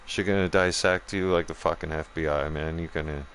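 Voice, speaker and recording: A man's voice: low-pitched, steady tone, fairly quick, fairly bright tone, slight background noise. A man hosting a gaming channel, ranting profanely in casual chat and talking straight to his viewers. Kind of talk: casual rant while streaming a game.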